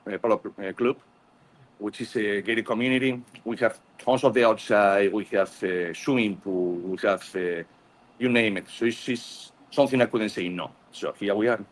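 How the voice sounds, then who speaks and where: Low-voiced man, halting speech. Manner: halting, searching for words with many "uh"s. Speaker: cigar lounge owner, guest. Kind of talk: casual interview.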